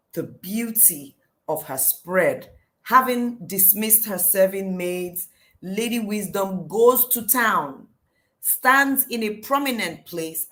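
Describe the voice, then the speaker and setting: A middle-aged woman gives a devotional teaching, telling stories in a lively, expressive way. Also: on the low side. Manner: lively storytelling, acting out quotes with shouts and laughs. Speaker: teacher leading a daily devotional series. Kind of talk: teaching a devotional talk on scripture.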